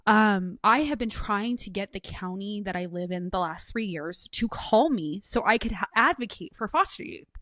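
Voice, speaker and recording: A woman hosting a casual interview, telling personal stories in an animated way and acting out the voices of the people in them. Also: medium pitch, moderate pace, hardly any pauses, dry recording, clean studio sound. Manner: animated storyteller, acts out quoted voices. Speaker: host.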